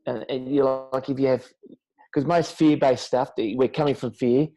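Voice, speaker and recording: A man's voice: mid-range voice, fairly even intonation, moderate pace, mellow, low-quality recording. A man with an Australian accent, a podcast guest in laid-back, rambling, earnest chat. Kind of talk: casual chat.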